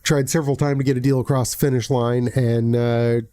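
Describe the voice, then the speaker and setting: American man, live-stream host, blunt, salty language, lots of restarts, everyday middle pitch. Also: level tone, brisk, mellow, dry recording. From United States. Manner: blunt, profane storytelling with many restarts. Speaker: realtor hosting a live Q&A. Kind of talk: casual livestream talk.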